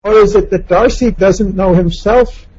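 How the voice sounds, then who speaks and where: A man's voice: high-pitched, unhurried, a little mellow, breathy edge, lo-fi sound. A man giving a reflective lecture on a novel, asking questions and acting out quoted lines in passing.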